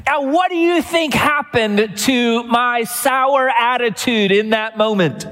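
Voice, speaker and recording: A man's voice: extremely high pitch, takes it slowly, few pauses, bright, forceful tone, long reverb tail. A middle-aged man preaching a sermon as pastor, telling a family story and building to emphatic repeated refrains.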